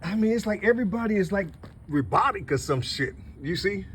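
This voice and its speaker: A middle-aged vlogger rambles through an emotional monologue, repetitive and profane, constantly saying "you see," and grows tearful as he goes. His voice is high-pitched, brisk and fairly bright with lively intonation, with a little hiss or hum in the audio.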